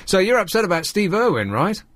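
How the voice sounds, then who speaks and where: A man's voice: high voice, big pitch swings, fairly quick, fairly bright tone, no echo. A man hosting a late-night radio phone-in, chatting in a wry, rambling way and laughing easily with callers. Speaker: radio host. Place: radio studio.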